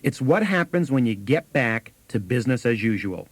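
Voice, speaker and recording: Male sales trainer, animated delivery, dry close sound, tells stories with acted-out quotes. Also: mid-range voice, normal speed, husky, dry recording. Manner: lively anecdotes with acted quotes and chuckles. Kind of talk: storytelling on a sales training tape.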